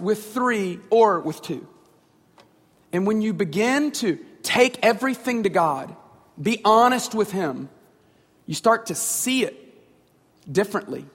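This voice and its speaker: An earnest male preacher in his thirties with a notably high voice, talking to his congregation in a warm, conversational way and stacking up questions. His voice rings out with a long reverb, as if spoken in a church sanctuary. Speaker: pastor. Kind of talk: sermon.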